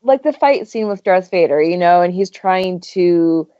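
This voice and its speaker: A woman's voice: fairly low pitch, expressive, unhurried, dry recording, highs cut off. A woman co-hosting a podcast in casual chat, making wry, skeptical remarks. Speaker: podcast co-host.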